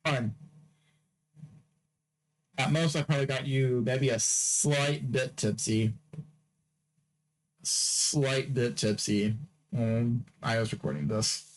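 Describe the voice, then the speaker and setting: A man's voice: mid-range voice, slow pace, long pauses, low-quality recording. A man hosting a podcast, rambling through a casual solo sign-off, joking with and teasing his listeners and repeating phrases over and over. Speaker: podcast host.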